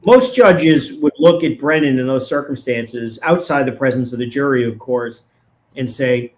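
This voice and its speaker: A man speaking as an attorney guest on a casual commentary show. He explains things in a measured but blunt way. His voice sits at a middle pitch for a man.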